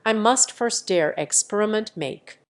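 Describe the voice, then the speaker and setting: A woman reading the part of an excitable middle-aged father with a German accent who barks commands. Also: medium pitch, unhurried, lightly acted. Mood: commanding. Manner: barking commands.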